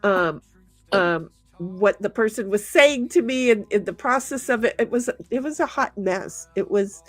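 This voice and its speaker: A woman's voice: medium pitch, animated, unhurried, no echo, faint music behind. A woman hosting a casual game stream, chatting and reading viewers' messages aloud, laughing often. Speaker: stream host.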